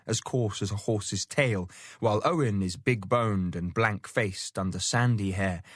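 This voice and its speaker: A man reading a historical novel aloud as an audiobook narrator, steady and measured, raising his voice to speak the characters' lines. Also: no room sound, studio quality. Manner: steady storytelling, lifts pitch for quoted characters. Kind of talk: scripted narration.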